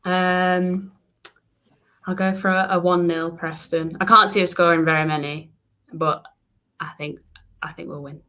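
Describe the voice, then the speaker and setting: Female podcast guest, modest and giggly, slightly low pitch. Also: level tone, measured pace, pauses often, bright, forceful tone. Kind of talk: casual podcast chat.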